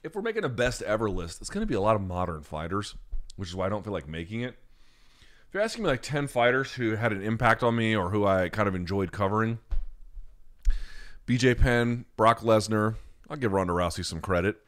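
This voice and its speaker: A young adult man hosting a podcast, telling a profane, animated story in a casual chat and answering questions. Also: lowish voice, brisk. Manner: profane, animated storyteller acting out other voices. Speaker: podcast host.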